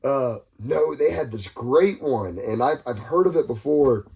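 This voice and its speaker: A man chatting on a podcast, his voice sitting in an ordinary middle register. He tells stories in a loose, rambling way, full of profanity and quick asides. He gets suddenly louder when a story excites him. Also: mid-range voice, gravelly. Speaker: podcast co-host. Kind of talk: casual podcast banter.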